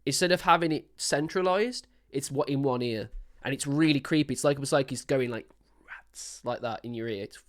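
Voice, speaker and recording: A man's voice: mid-range voice, fairly quick. Enthusiastic rambling male music reactor. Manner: enthusiastic, rambling, many restarts and "man". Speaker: music reaction host, singer-songwriter. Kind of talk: casual music reaction commentary. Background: song playing faintly.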